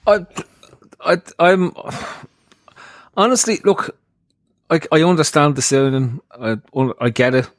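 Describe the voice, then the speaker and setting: A man with an Irish accent co-hosting a football podcast, bantering fast and joking with exaggeration. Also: a little high, lively intonation, no room sound, studio quality. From Ireland. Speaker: podcast co-host. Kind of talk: casual chat.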